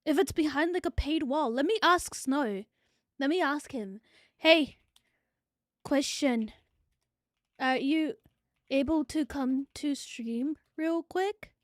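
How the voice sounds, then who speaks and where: High-voiced New Zealand woman streaming, breathless. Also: takes it slowly, pauses often, no room sound, studio quality. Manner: excitable, chatty, swears freely. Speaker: VTuber streamer. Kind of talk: live stream chat.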